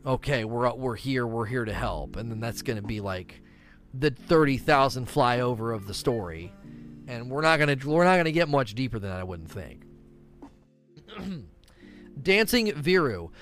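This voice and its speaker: A man's voice: mid-range voice, moderate pace, soft background music. A man streaming live, reading viewer questions and rambling through his answers in a casual chat. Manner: animated, rambling, reads chat questions aloud.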